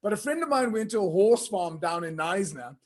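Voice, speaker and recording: A man hosting a virtual conference, telling jokes with lively acted-out voices and shouted punchlines. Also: high voice, fairly quick. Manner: animated, shouts punchlines and acts out characters.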